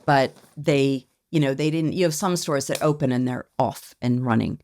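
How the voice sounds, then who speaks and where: A woman being interviewed as a company founder, speaking in a reflective, measured way and often hedging her points. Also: rumbling low, a little mellow, slight background noise. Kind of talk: podcast interview.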